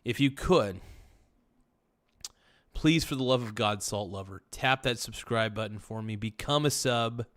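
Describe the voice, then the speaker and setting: A man's voice: lowish voice, a little slow, a bit bright. A man hosting a casual livestream, rambling and joking with viewers in chat. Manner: rambling, jokey, chants silly phrases. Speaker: livestream host.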